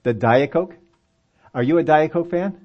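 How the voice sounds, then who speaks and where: In a church sanctuary with children present, a man preaches a conversational sermon as pastor, acting out the voices of the people in the story. He speaks at a moderate pace in a slightly high voice, and the audio is dull.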